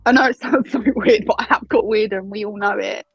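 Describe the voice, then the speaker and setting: A woman's voice: mid-range voice, fairly even intonation, quick pace, vocal fry, husky, no room sound, dull audio, faint music behind. A woman in her twenties with an Essex accent, answering interview questions in a chatty, candid way and laughing easily. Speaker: wrestling announcer and interviewer.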